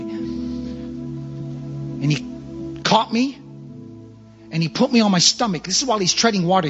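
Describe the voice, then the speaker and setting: High-voiced male preacher. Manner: dramatic, swings from loud exhortation to hushed storytelling. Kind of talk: sermon. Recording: muffled hall with long reverb, faint music.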